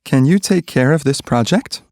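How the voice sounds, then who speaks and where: A man reading short English practice sentences one by one, clearly and evenly. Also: mid-range voice, no room sound, clean studio sound. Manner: clear, even, measured delivery of single sentences.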